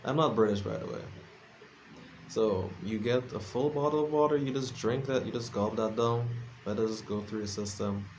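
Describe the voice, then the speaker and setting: A man's voice: fairly low pitch, normal speed, darkish tone, a little hiss or hum. A sleepy man rambling casually in a late-night vlog, self-deprecating and full of fillers and restarts. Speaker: vlogger. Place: his room at home.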